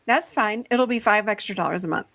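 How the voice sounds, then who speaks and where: Telling a story on her podcast, this middle-aged host keeps things casual, laughs frequently, and performs her own dialogue. Her voice is mid-range and fairly bright, and she talks fairly quickly.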